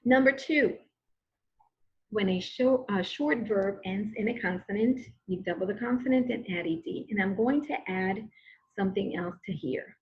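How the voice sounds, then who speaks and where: A woman's voice: mid-range voice, moderate pace, lo-fi sound. A woman teacher giving a recorded grammar lesson, patient and repetitive, often checking in with "okay?".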